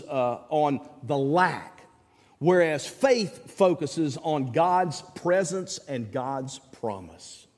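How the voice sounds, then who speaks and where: A man preaching a sermon in a folksy manner, dropping his voice low and soft on key words and rising high when he quotes others. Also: big-room sound. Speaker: pastor.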